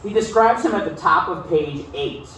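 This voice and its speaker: A male teacher reads a novel aloud to his class, then discusses it casually, often checking in with "okay?" His voice sits high, fairly bright and lively, at normal speed. The very echoey room and distant mic bring a little hiss or hum.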